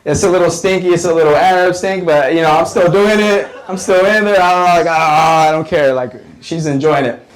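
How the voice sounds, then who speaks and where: A man's voice: high-pitched, brisk, poor audio. Rambling stand-up comedian man. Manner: rambling, filler-heavy, lively. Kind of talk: stand-up storytelling.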